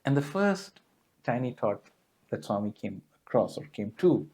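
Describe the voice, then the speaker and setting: A man's voice: medium pitch, sing-song, a little slow, mellow. A man giving a spiritual talk to a gathering, telling stories earnestly with frequent small fillers. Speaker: guest speaker.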